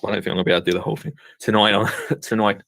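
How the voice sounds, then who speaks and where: A man's voice: on the low side, steady tone, rapid-fire, vocal fry, fairly bright tone, no room sound. A man hosting a live gardening call-in show, rambling and laughing at himself in casual chat. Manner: rambling, chuckling, self-mocking.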